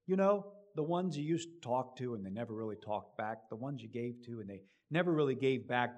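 A middle-aged man preaching a sermon, building to loud emphatic rises and then dropping low and quiet. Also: lively intonation, normal speed, few pauses.

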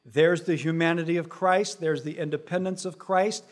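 Man preaching, hushed then ringing. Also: fairly even intonation, moderate pace. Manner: swings from hushed, low intensity to loud, rising emphasis; repeats phrases for rhetorical buildup. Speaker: pastor. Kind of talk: sermon.

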